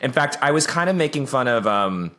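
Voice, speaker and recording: Male actor guest, animated storyteller, pokes fun at himself, casual chat. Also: medium pitch. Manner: animated, quick storyteller, self-deprecating.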